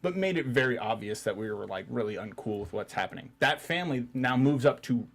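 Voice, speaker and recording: A man hosting a podcast in a studio, telling a story in casual chat and acting out the people he quotes in loud, raised voices. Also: mid-range voice, brisk. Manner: animated storyteller, acts out quotes loudly. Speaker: podcast host.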